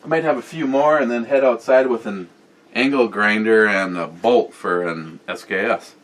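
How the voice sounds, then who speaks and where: A man with a fairly low voice hosts a casual beer review vlog. He rambles off the cuff, fills his talk with "uh," and reads viewer comments aloud. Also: moderate pace. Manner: rambling, off-the-cuff, with many fillers.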